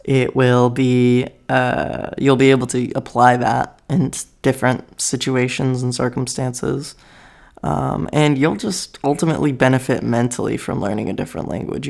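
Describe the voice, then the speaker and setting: A man's voice: mid-range voice, vocal fry. A young American man talking casually to his camera, rambling and correcting himself, often laughing. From United States. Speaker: vlogger.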